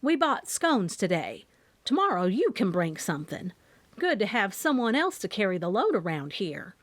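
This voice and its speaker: A woman voicing an excitable, nosy middle-aged mother who talks loudly and with suspicion. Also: mid-range voice, normal speed, no room sound. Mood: bossy. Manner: loud, suspicious, demanding.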